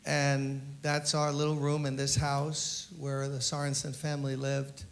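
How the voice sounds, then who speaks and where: A man, a pastor, giving a eulogy at a memorial service as an animated storyteller who acts out the quotes. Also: medium pitch, measured pace.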